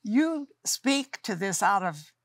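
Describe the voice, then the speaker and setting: A woman's voice: mid-range voice, sing-song, slow pace. An older woman co-hosting a talk show, speaking affectionately and calling people honey. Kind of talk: warm studio talk show chat.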